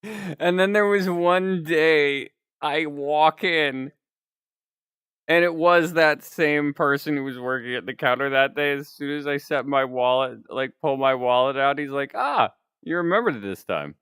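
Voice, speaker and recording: Slow, clear-voiced young man chatting. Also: on the high side, fairly even intonation, fairly bright tone, no room sound, clean studio sound. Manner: rambling storytelling, laughs often. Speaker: streamer. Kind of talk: casual chat.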